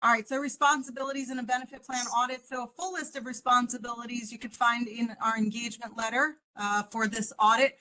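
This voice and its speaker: A woman's voice: a little high, flat delivery, brisk, few pauses, sharp tone, low-quality recording. A woman auditor presenting a report to a board over a video call, explaining step by step with frequent "um"s. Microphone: computer mic on a video call.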